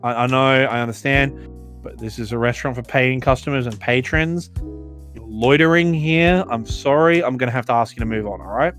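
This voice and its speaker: A man's voice: medium pitch, brisk, fairly bright tone, faint music behind, natural voice. Aussie guy doing a tired manager asking someone to leave, firm and patient. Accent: Australian. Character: firm but weary male fast-food manager.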